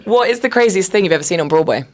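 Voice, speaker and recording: A woman's voice: fairly low pitch, animated, very fast. A woman hosting a podcast, asking short, upbeat interview questions. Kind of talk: casual interview.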